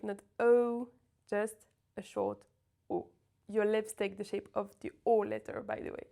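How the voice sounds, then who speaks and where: A woman teaching pronunciation, sounding out words slowly and carefully to demonstrate each sound. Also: medium pitch, sing-song, gravelly, warm tone. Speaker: French teacher. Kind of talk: pronunciation lesson.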